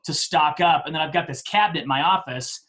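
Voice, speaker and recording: A man in his forties, a podcast guest telling a story in a casual, animated way, often laughing and poking fun at himself. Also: on the high side, brisk. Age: 40s.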